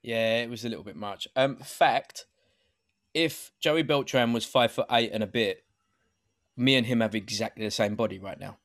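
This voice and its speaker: Casting: joking British bloke co-host, dry close-miked sound. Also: male voice, mid-range voice, normal speed, fairly bright tone, dry recording. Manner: joking, teasing, laid-back. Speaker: podcast co-host. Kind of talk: casual banter.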